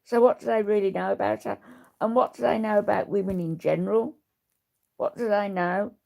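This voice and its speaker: A woman's voice: medium pitch, steady tone, brisk, vocal fry, mellow. A woman in her seventies hosting a casual livestream, chatting with viewers in a rambling, blunt, opinionated way. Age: 70s. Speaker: livestream host. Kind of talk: casual livestream chat, reading viewer comments.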